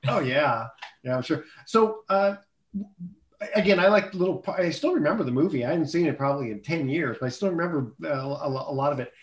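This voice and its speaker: A man hosts a casual sports show in a slightly higher-than-average voice, wandering through his questions with fillers and restarts. His voice carries the hollow ring of a roomy space. It comes through a video call. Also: animated, brisk. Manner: rambling with frequent fillers and restarts. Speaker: show host.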